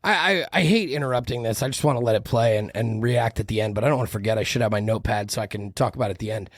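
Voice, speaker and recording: A woman's voice: extremely low pitch, rapid-fire, no echo, clean studio sound. A woman hosting a podcast, reacting to a video in a heated, profane rant. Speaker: podcast host. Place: podcast room.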